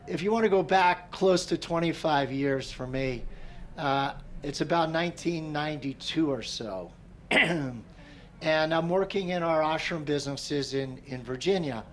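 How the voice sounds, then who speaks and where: A middle-aged man leads a meditation class in a large tent, speaking in a slightly higher voice than most men. He tells a personal story in a loose, conversational style and pauses now and then to clear his throat. A faint background hum sits under his voice. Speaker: meditation teacher. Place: large tent at an outdoor gathering.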